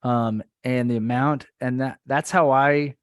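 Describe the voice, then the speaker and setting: A man's voice: mid-range voice, fairly even intonation, unhurried, smooth, no room sound. A man hosting a podcast, chatting in a rambling way and laughing easily. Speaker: podcast host. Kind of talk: casual podcast chat.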